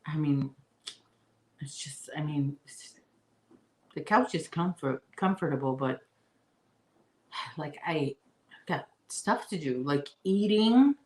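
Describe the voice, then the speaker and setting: A woman's voice: slow, pauses often, reverberant, rough recording. A woman from the Chicago area chatting with her viewers while she crochets, rambling along in a casual way. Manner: chatty and rambling, talks to her puppy in a high baby voice. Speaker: crochet vlogger. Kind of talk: casual chat to live viewers.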